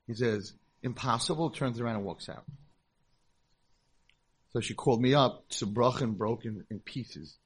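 A man's voice: medium pitch, moderate pace, breathy edge. A middle-aged man, a rabbi, telling stories in a conference talk and acting out the people in them. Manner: animated storyteller, acts out voices. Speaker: rabbi and school founder.

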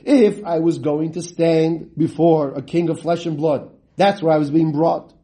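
Man, Talmud teacher, mellow tone, rhetorical questions, dramatic pitch swings. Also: steady tone, a little slow. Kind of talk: Talmud lesson, reading and translating.

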